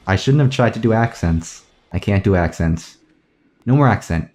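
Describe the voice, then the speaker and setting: A man casually commentating his own gameplay, rambling aloud through tangents with soft self-mocking asides. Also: low voice, lively intonation, fairly quick. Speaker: let's play gamer.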